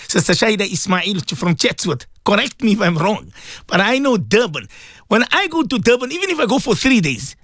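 A middle-aged man hosts a call-in radio show, chatting and rambling and greeting his listeners one by one. His voice sits a little high for a man and swings widely in pitch. The studio sound is close and dry. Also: fairly bright tone, no echo. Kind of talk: casual call-in radio chat.

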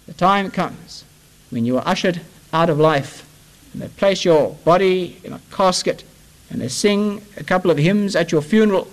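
A man delivering an evangelistic sermon. His voice sits a little higher than most men's. He presses his points with rising, impassioned emphasis and then drops low and quiet. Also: low-quality recording. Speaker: preacher.

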